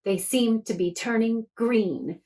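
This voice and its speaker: A woman's voice: on the high side, slow pace, warm tone. A woman author reading her book aloud to children, chatty and enthusiastic between passages.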